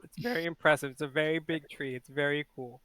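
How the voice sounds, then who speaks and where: Male player, deadpan and teasing, bright, dry close mic. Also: a little high, fast talker, clean tone, no room sound, low-quality recording. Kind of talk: casual table banter.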